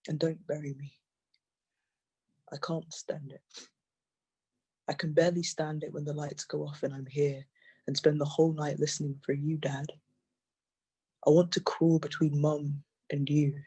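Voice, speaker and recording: A poet reading their own poems aloud in a measured, intense way, often repeating phrases. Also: mid-range voice, dark tone, breathy edge. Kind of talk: poetry reading.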